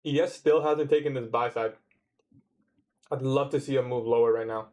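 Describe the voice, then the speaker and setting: A young Canadian man with a Toronto accent talks through a trading livestream. His speech is relaxed and slangy, and his pitch sits in a mid range. He answers viewers' questions in an offhand way. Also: normal speed. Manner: laid-back slangy talk, reads out and answers chat. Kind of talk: casual livestream chat.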